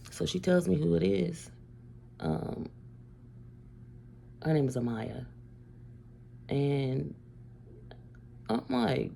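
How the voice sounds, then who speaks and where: A middle-aged woman from Ohio telling a family story to camera in a casual, animated way, swearing freely and often breaking into laughter. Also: very deep voice, a little slow, gravelly, pauses often, slight background noise. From Ohio, USA.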